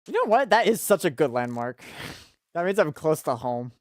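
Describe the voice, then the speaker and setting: A man's voice: a little high, big pitch swings, normal speed, no room sound. Young man, casual gameplay commentary, laid-back, jokey, laughs a lot, stumbles on words, dry close mic. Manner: laid-back, joking, laughs often, trips over words. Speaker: gaming channel host. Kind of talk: casual let's-play commentary.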